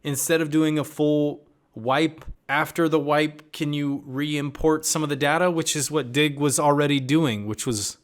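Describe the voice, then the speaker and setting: A man's voice: a little high, fairly even intonation, measured pace, hardly any pauses. A man giving a casual reaction review of a TV episode, critical and puzzled, often reading out lines of dialogue. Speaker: TV series reviewer.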